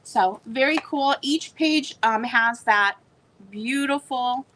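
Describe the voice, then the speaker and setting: Chatty bright-voiced woman selling books. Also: a little high, slow pace, slight background noise, rough recording. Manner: chatty, rambling with fillers. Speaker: online book seller. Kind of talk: casual live sale chat.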